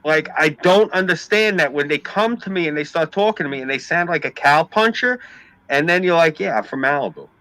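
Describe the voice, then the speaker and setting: A man's voice: a little high, fairly quick, dry recording, low-quality recording. A man with a New York accent, ranting and swearing in casual chat as a stream host. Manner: ranting, profane, animated storytelling.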